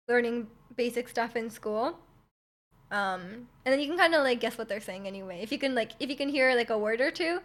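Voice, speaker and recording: A young Canadian woman with a high, light voice chats casually on her stream. She rambles through stories with plenty of fillers and giggles, and she talks close to a desk mic. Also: a bit bright. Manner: rambling, many likes and ums, giggly. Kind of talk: casual chat.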